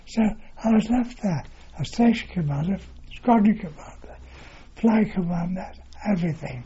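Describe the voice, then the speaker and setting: An older man recounting his wartime service in an oral history, halting with fillers and mild swearing. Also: high voice, breathy edge. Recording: dull lo-fi recording with steady noise.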